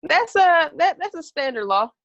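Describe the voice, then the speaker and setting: A woman's voice: extremely high pitch, big pitch swings, moderate pace, a bit bright, highs cut off. A woman co-hosting a casual podcast chat, speaking in a blunt, laid-back banter. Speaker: podcast co-host.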